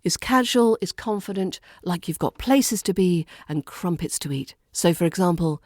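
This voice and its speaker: Slow, dark-voiced British accent coach woman. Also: lowish voice, animated, no echo, clean studio sound. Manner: models phrases slowly, repeating each twice. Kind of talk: scripted accent lesson.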